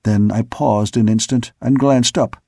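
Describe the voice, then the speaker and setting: A male audiobook narrator reads in a measured storytelling manner. His voice is gravelly and husky, sitting at an ordinary pitch. The sound is close and dry, from a studio mic. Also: fairly even intonation, warm tone, no room sound. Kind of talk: scripted narration.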